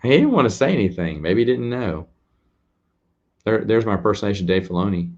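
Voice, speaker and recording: A man's voice: lowish voice, expressive, fairly quick, darkish tone, muffled recording. A man hosting a casual late-night live stream, chatting with viewers in a rambling, self-deprecating way and laughing often. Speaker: host answering viewers' questions.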